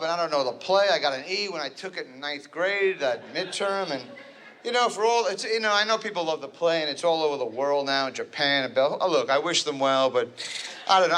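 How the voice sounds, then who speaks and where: A stand-up comedian from New Jersey performs a neurotic, rambling, self-deprecating routine on stage before a live audience. His voice is a little high, bright and forceful.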